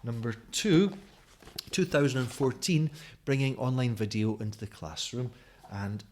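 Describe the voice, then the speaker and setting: Mild Scottish man in his forties, teacher trainer talking to camera, friendly and chatty, middle pitch. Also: measured pace, a little mellow, slight background noise. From Scotland. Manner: friendly and chatty, with many fillers. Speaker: teacher trainer giving a conference talk. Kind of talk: recorded video talk to camera. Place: home at night. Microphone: camera in front of him.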